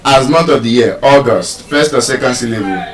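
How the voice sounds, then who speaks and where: A man's voice: medium pitch, normal speed, roomy sound, distant mic, low-quality recording. A Nigerian man teaching English word stress to a live audience, teasing them and asking questions.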